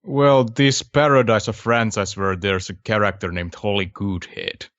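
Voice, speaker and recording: A man's voice: lowish voice, steady tone, unhurried, fairly bright tone. A man making brief, dry remarks as co-host of a comic reading. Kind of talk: casual banter. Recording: dull lo-fi mic.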